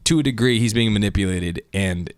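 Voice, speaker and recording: A man co-hosting a podcast in casual chat, recapping an episode and acting out characters' lines in an animated way. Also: lowish voice, brisk, no echo. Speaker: podcast co-host.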